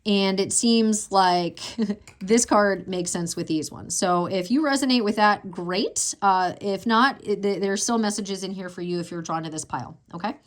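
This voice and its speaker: A woman's voice: medium pitch, normal speed. Emotional, meandering woman tarot reader. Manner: meandering, emotional, thinking aloud. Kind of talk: casual tarot reading.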